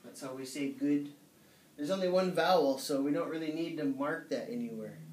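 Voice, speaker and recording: A man's voice: fairly high pitch, moderate pace. Male teacher, casual explanatory delivery, recorded at a distance with room echo. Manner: relaxed, explanatory, with hesitations. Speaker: language teacher. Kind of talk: casual spoken lesson. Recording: echoey room, mic at a distance.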